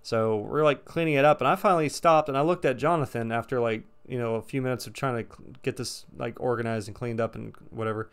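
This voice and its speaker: A man telling a casual story to camera, animated and exasperated, swearing often. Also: mid-range voice, fast, hardly any pauses, smooth. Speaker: storytime vlogger.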